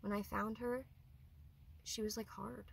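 A woman's voice: medium pitch, fairly even intonation, a little slow, gravelly, breathy edge, poor audio. Earnest woman telling a personal story. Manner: earnest, rambling, often drops to a quiet voice. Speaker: vlogger.

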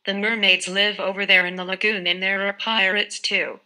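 A woman's voice: medium pitch, little pitch movement, normal speed, pushed and bright. A woman reading as a bold young boy hero. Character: boy Peter Pan, bold and playful.

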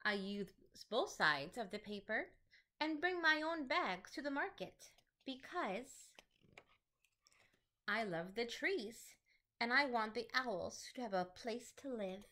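A woman teacher reading picture books aloud to children in an animated, sing-song storytelling manner. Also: fairly high pitch, slow.

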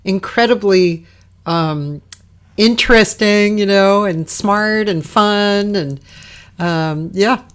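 A woman hosting a casual livestream chat over a video call, relaxed and rambling, with many fillers. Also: mid-range voice, slow pace, clear, resonant tone. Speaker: host.

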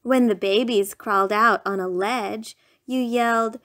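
A woman reads a rhyming picture book aloud at an unhurried pace. Her voice sits a little high, and she keeps a lilting, sing-song bedtime storytelling manner throughout. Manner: sing-song, lively bedtime reading with playful raised shouts.

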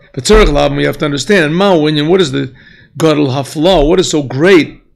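Gravelly man giving a yeshiva lesson. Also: fairly high pitch, brisk. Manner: questioning, mixes Hebrew phrases, clears throat often. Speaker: rabbi teaching Chassidus. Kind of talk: yeshiva class lecture. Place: yeshiva classroom.

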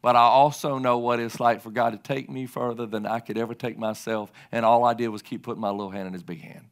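A man's voice: medium pitch, steady tone, fast talker, smooth. A middle-aged man preaching a sermon as a pastor, emphatic and repeating his key lines to the congregation.

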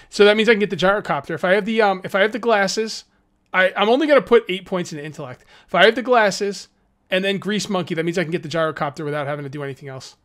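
A man's voice: sits high, fast. A man hosting a let's play, giving casual gameplay commentary and taunting enemies as he goes. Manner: excitable, jokey, taunts enemies.

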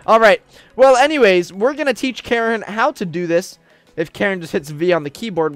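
A host narrating and bossing around a character during a game roleplay, excitable and bossy, with sudden bursts of yelling. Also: mid-range voice, no room sound. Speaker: roleplaying gamer and channel host.

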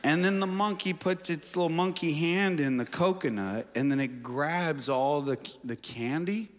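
A male pastor preaching a sermon, moving between shouted exhortations and playful asides. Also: on the high side, unhurried, long reverb tail. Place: church auditorium.

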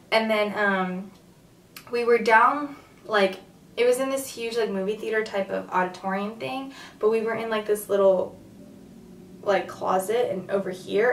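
A woman's voice: mid-range voice, recorded from a distance. Chatty young woman in an echoey room. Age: young adult. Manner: excited and chatty, many fillers. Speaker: vlogger. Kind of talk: casual chat to camera. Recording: echoey room, voice a little off-mic.

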